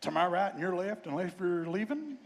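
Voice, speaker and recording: A man's voice: sits high, expressive, brisk, gravelly. A man, a bandleader giving folksy, joking stage banter and storytelling. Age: 50s. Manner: folksy, joking, warm-hearted. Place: outdoor festival stage. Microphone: stage microphone. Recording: long reverb of a stage sound system.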